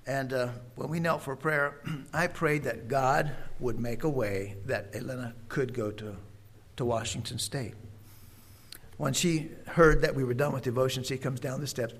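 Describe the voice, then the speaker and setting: Older man, preacher, personal storytelling, folksy, unhurried, lots of fillers, medium pitch.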